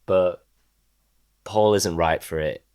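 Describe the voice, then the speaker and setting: A man with a very low voice weighs in on an album during a podcast chat. He talks in a measured, hesitant way and often pauses on fillers while he gathers his thoughts. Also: a little mellow, smooth. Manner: measured, hesitant, many ums. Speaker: podcast co-host. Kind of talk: casual album review chat.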